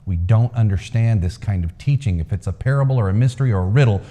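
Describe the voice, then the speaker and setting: A man's voice: lowish voice, quick pace, dark tone, natural voice. A man voicing earnest, puzzled village leaders who stammer and plead. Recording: long hall reverb.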